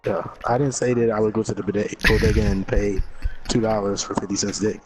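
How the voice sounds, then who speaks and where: A man's voice: fairly low pitch, steady tone, brisk, background noise. A man chatting casually and sounding a bit distracted while he plays a video game.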